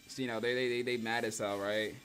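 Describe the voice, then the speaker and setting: A man's voice: mid-range voice, level tone, quick pace, a bit bright, soft background music. A young man casually reading comics on a livestream, rambling and joking with plenty of laughter.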